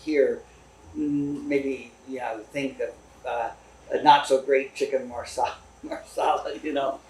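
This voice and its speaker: A man's voice: medium pitch, steady tone, measured pace, a little mellow. A man talking as a distiller guest in a casual chat, easygoing and agreeable, recorded at a distillery. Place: distillery room. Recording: roomy, distant mic.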